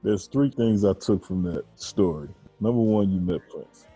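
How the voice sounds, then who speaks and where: A man's voice: sits low, normal speed, warm tone, husky, soft background music, low-quality recording. A man co-hosting a podcast, asking questions in a playful, teasing way. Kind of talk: casual chat, asking questions.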